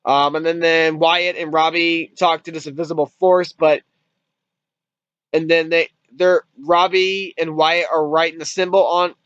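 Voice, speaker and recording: A man's voice: a little high, level tone, unhurried, a bit bright, clean tone, no room sound. A man casually retelling a movie's plot as a reviewer, rambling with restarts and swearing freely. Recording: dull lo-fi dry recording.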